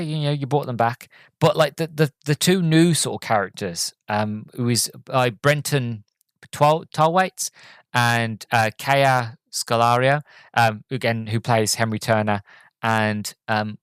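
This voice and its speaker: A man of middling pitch talks through a casual film review on his podcast. He rambles and hesitates, circling back with fillers and restarts, and he sounds deflated and let down. His voice is recorded close and dry, with no room sound. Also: no echo.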